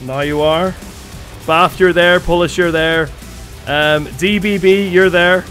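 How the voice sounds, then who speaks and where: A man commentating a live game stream with excitable energy and a slightly strained voice, thanking viewers as he goes. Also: high voice, slow, faint music behind.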